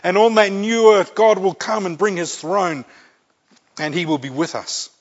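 Earnest New preacher, slightly high voice. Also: male voice, unhurried. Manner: earnest, repeats phrases for emphasis. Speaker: pastor. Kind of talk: sermon. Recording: dull lo-fi recording.

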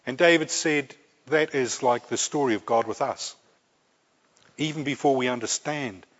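A man preaching a sermon, earnest and repeating key phrases for emphasis. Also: mid-range voice. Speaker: pastor. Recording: dull lo-fi recording.

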